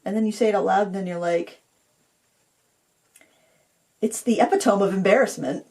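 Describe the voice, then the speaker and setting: A middle-aged woman talks her way through a painting tutorial, chatty and rambling. She pokes fun at herself and speaks straight to her viewers as she works. Her voice sits at an ordinary middle pitch. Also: moderate pace, darkish tone. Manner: rambling, self-deprecating, talks to viewers while working.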